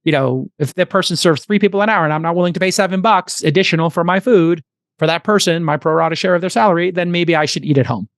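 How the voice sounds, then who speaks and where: Animated male podcast host, dry studio sound. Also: on the high side, fast, no echo. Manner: animated, jokey, salesy in ad reads. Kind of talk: casual chat and host-read ad.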